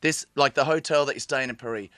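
A man telling a funny story in a casual chat, dropping quick jokey asides. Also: medium pitch, fairly bright tone, dry recording, clean studio sound. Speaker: guest.

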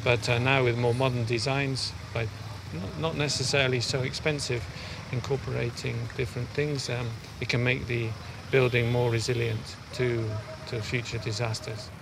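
A man who works in aid explains things one step at a time during an interview on a steep mountain path outdoors. He speaks at a moderate pace in a creaky, medium-pitched, level voice with hardly any pauses, and background noise is audible.

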